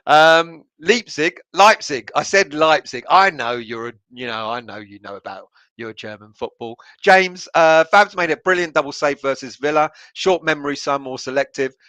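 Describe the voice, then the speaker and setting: A man from England hosts a relaxed live stream and works through viewer comments one by one. His voice sits a little high and sounds bright and forward. The sound is dry and close, and his delivery is loose, with many fillers and false starts. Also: moderate pace, few pauses, clear, resonant tone, no echo. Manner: chatty, laughs often, many fillers and restarts. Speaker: podcast host reading live chat comments. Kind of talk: casual live-stream chat.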